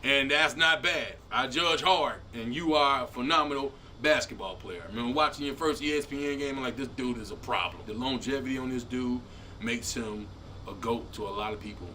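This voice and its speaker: A man hosting his own comedy show, ranting and laughing in a loose, animated way, jumping between loud outbursts and low mutters. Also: a little fast, a little hiss or hum. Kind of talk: stand-up style commentary rant.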